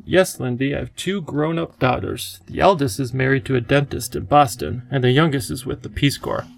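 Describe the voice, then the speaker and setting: A man's voice: mid-range voice, moderate pace, creaky, lightly acted. A man voicing a kindly, eccentric elderly professor who speaks in a cheerful, lecturing way.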